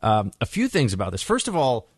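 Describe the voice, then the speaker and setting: A man hosting a talk radio show, telling stories in an animated, conversational way into a studio microphone. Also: mid-range voice, brisk, no room sound.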